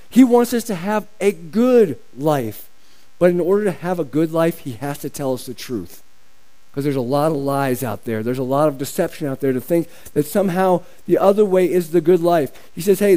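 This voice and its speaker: Male pastor, sermon delivery, high mellow voice, emphatic repetition. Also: rough recording. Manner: emphatic, repeats phrases for stress.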